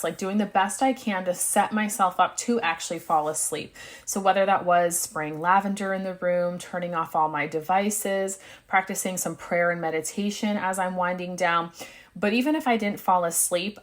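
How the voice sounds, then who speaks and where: Woman doing a solo podcast, chatty and friendly, kinda low voice, keeps saying right?. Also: fairly bright tone. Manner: chatty, addresses listeners as mamas, often adds "right?". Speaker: podcast host. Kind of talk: solo podcast talk giving tips.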